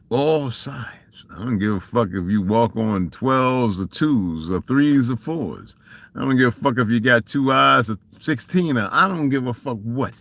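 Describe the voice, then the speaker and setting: A man's voice: mid-range voice, a bit bright, no room sound. A man with a Southern US accent ranting casually and profanely on a livestream, emphatic and laughing often. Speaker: livestream host. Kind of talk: casual rant.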